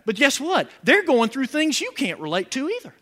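Preaching as pastor, this man speaks at normal speed in an extremely high, slightly bright voice whose pitch swoops wildly. He quizzes the congregation call-and-response style and drives toward emphatic points with mounting intensity.

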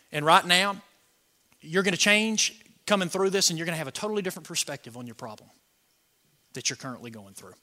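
A man preaching a sermon, animated and joking, swinging from soft asides to shouted lines. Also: on the high side. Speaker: pastor.

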